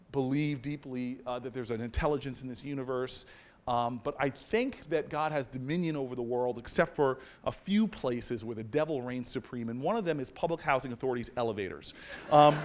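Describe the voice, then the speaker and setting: Animated high-voiced male speaker. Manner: animated, self-mocking storyteller. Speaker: guest speaker. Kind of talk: storytelling speech to an audience. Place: university lecture hall.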